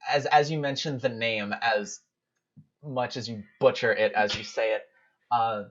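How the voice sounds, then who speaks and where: A man's voice: mid-range voice, steady tone, a little slow, fairly bright tone. A man narrating as game master of a tabletop game in a casual way. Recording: dull lo-fi audio.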